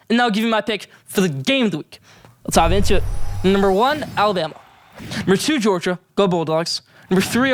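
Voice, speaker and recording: A man's voice: sits high, fairly bright tone, no echo. A young man hosting a solo sports show, giving emphatic, opinionated hot takes and rankings. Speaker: sports podcast host.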